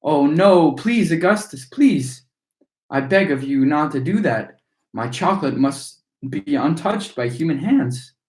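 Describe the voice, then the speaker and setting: A man voicing an excitable, fussy chocolate maker who pleads, in an echoey room. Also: mid-range voice, normal speed, lightly acted. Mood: pleading.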